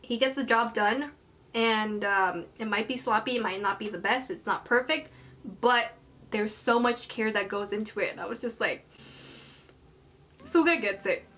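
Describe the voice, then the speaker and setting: A young woman in a casual vlog, rambling excitedly about an anime episode while she does her makeup, gushing like a fan. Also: fairly high pitch, moderate pace. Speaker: anime review vlogger.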